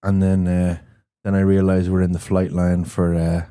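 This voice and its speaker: Deep-voiced Irish man with Americanized speech. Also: completely flat delivery, mellow, no room sound, clean studio sound. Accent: Irish, softened by years in America. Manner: measured, deliberately slowed speech. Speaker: podcast host. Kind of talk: casual chat.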